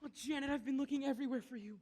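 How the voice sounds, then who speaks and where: A woman's voice: high-pitched, very fast, mellow, natural voice. A woman playing an earnest young groom pleading with his bride in a stage musical.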